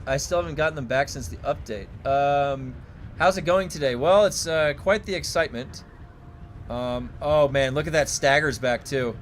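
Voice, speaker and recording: A man streaming a game live, thinking aloud and reacting excitedly, swearing when things break. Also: a little high, normal speed, a little hiss or hum. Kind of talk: live gameplay streaming commentary.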